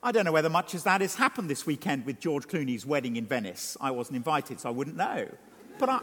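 Animated preacher man in a reverberant hall. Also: a little fast, slightly rough. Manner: animated, dramatic preaching with wide swings of pitch and loudness. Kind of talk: sermon.

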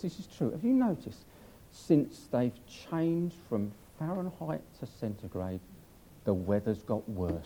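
A man's voice: extremely high pitch, a little mellow. An older man preaching a humorous sermon, chatty and self-mocking as he tells stories.

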